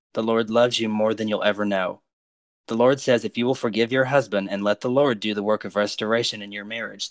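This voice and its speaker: A man on a podcast delivering prophetic words to named listeners in a slow, earnest, pastoral way. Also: on the low side, a bit bright, dry recording.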